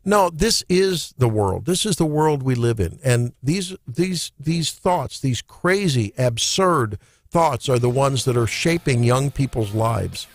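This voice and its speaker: A man with a Midwestern American accent hosts a morning radio show, offering jokey, incredulous commentary in talk-radio banter. His medium-pitched voice is expressive and slow, captured dry on a studio microphone.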